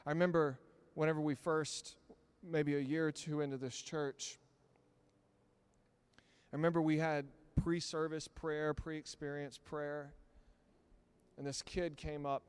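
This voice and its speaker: A man, a pastor, preaching a sermon in a church, moving between hushed storytelling and loud, emphatic peaks. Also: on the high side, flat delivery, measured pace, long pauses, clean tone. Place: church sanctuary.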